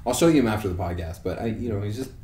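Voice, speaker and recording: A man's voice: lowish voice, animated, rapid-fire, mellow. A young man hosting a casual podcast, rambling and swearing with many restarts and fillers. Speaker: podcast host. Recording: echoey room with faint hiss.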